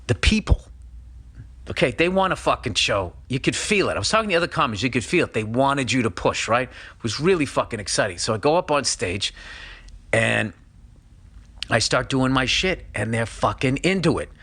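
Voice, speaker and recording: A man's voice: mid-range voice, a little fast, husky, no room sound. A man, a comedian, telling a rambling, profane story on a podcast with lots of fillers. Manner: animated, swears a lot, rambles with fillers.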